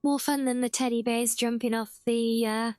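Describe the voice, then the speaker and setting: A woman's voice: on the high side, fairly even intonation, normal speed, a little mellow, smooth, no echo. A British woman streaming a game live, chatting casually, often correcting herself mid-sentence and answering her chat. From Britain (half English, half Welsh).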